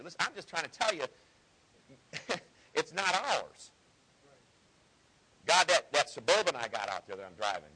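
A man's voice: on the high side, pushed and bright, breathy edge, low-quality recording. A man preaching a sermon in an earnest, conversational way with folksy asides. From Ohio.

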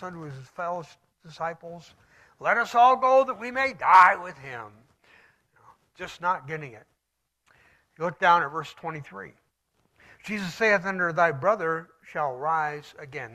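A man preaches a sermon with a fairly high voice, reading scripture slowly and solemnly. He swings between loud declaiming and hushed near-whispers.

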